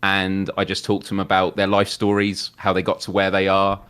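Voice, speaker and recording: Low-pitched male guest, easygoing talker, casual show chat. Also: monotone, fairly quick, a bit bright, clear, resonant tone. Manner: easygoing, explanatory, loose with fillers. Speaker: guest co-host.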